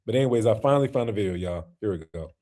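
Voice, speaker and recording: A man's voice: fairly low pitch, lively intonation, racing, very noisy. A man hosting a casual reaction stream, talking loosely with lots of slang and fillers and laughing often.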